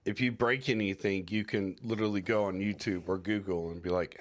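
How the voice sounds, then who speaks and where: A man's voice: fairly low pitch, steady tone, brisk. A man co-hosting a casual podcast who jokes and rambles, often acting out quoted lines. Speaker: podcast co-host. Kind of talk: casual chat.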